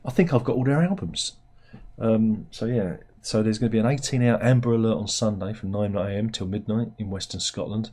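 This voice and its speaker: A British man hosts a satirical news roundup, full of rambling, jokey asides. His voice sits low, mellow and dark in tone, with a husky edge. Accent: British English. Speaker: host.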